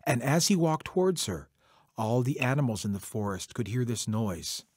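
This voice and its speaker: A man's voice: medium pitch, animated, moderate pace, darkish tone, husky, no echo, studio quality. A man telling a traditional folk tale to children in a conversational way, speaking directly to his listeners. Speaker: storyteller. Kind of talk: oral folk storytelling for children.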